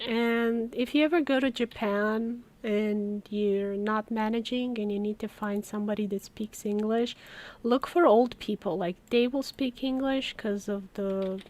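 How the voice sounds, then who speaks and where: Lady streaming, rambly story chat, bit of a higher voice, giggles in her words. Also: steady tone, moderate pace. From Romania. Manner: chatty storytelling, laughs between words. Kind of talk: casual chat while working.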